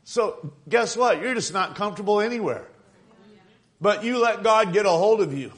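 A man's voice: high voice, animated, moderate pace. A male pastor giving an emphatic evening sermon, repeating phrases and asking his congregation "right?".

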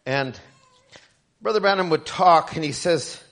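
High-voiced preacher shouting his points. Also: a little slow. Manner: rising to shouted emphasis, with stammered restarts. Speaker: pastor. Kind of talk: sermon.

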